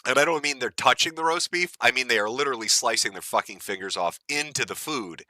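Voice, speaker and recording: A man's voice: medium pitch, quick pace, pushed and bright, dry recording, clean studio sound. A man from the United States hosting a live stream, ranting in a profane, mocking and gleeful way. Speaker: stream host.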